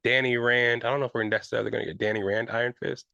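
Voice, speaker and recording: A man's voice: mid-range voice, level tone, rapid-fire, creaky, pushed and bright, no room sound, lo-fi sound. Rambling, profane male podcast host. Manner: loose, profane, rambling with "you know what I'm saying". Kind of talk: casual solo podcast commentary.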